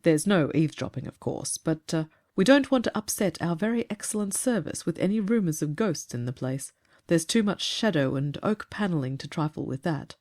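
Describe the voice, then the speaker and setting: A woman voicing a calm, earnest grown man who tells of catching a ghost, in a storybook reading. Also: on the low side, natural voice. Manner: measured, earnest, slightly aggrieved.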